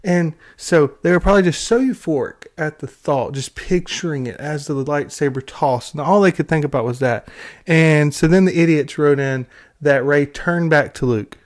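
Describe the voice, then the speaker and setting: A man ranting in a sarcastic, exasperated commentary, with halting restarts and repeated words. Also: on the high side. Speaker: film commentary vlogger.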